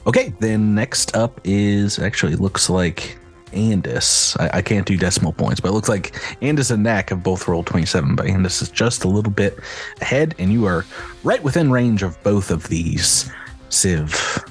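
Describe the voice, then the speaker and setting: A male game master narrates a tabletop session over a video call. His voice sits low but swings widely in pitch, and he laughs easily between rulings. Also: lively intonation, moderate pace, soft background music.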